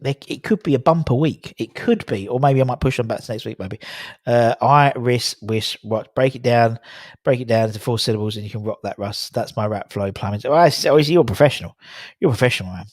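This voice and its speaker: A man's voice: mid-range voice, fast, a little mellow, dry recording, clean studio sound. Chatty man on a livestream. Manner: chatty, laughing at tongue twisters, rambling with fillers. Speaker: livestream host reading chat. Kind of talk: casual live chat.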